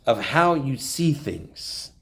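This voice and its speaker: A man's voice: medium pitch, slow. A man teaching an informal Torah class, telling stories and acting out the quotes. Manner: animated storyteller, acts out quotes. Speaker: rabbi.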